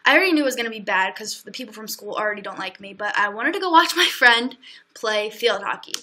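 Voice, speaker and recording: A woman's voice: medium pitch, expressive, sharp tone. A young woman livestreaming, telling a long story in a chatty way, full of fillers and acted-out quotes. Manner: chatty, quick, acts out quotes, many fillers. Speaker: livestream host.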